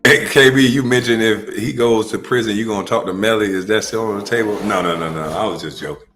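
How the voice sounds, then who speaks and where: A man's voice: fairly low pitch, fast talker, fairly bright tone, faint music behind. A man in his forties hosting a comedic reaction stream, brash and profane, trash-talking and laughing often. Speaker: livestream host.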